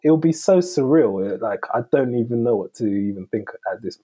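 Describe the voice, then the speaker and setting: A man co-hosting a podcast, talking in a halting way and often searching for his words. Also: medium pitch, expressive, warm tone, breathy edge. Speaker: podcast co-host. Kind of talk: casual chat.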